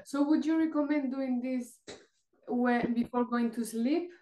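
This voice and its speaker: A woman's voice: high voice, fairly even intonation, measured pace, warm tone. A woman interviewer asking a short question, heard from off mic. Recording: echoey, from off mic.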